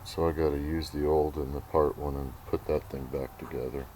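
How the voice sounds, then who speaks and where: A man talking casually to camera in a vlog, rambling and thinking aloud, often clearing his throat, moving between his workshop and yard. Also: a bass voice, level tone, fairly quick, dark tone, a little hiss or hum, rough recording. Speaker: vlogger.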